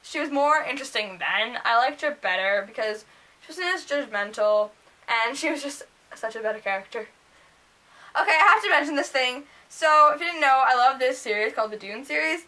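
High, bright-voiced gushing teen girl. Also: fairly quick. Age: teens. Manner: gushing, excitable, often acts out the characters in squeals. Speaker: book reviewer. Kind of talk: casual book review vlog.

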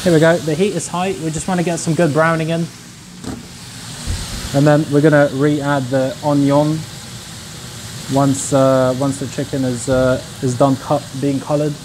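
A man's voice: fairly high pitch, little pitch movement, unhurried, noisy background. Laid-back young man, slangy. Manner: laid-back, slangy, chats to viewers while cooking. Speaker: streamer. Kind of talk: casual cooking livestream chat.

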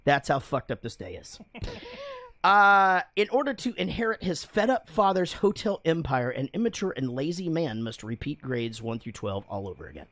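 A man's voice: fairly high pitch, expressive, moderate pace, a bit bright, no echo. A man hosting a podcast in casual, rambling chat, swearing often and laughing a lot. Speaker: podcast host. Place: studio room with guests.

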